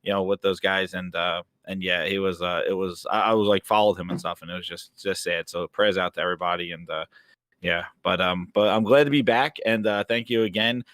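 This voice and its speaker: A man speaking as a guest on a gaming podcast, halting with many restarts. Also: sits low, fairly even intonation, fairly bright tone, no echo, studio quality. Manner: hesitant, lots of fillers and restarts. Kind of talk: casual podcast chat.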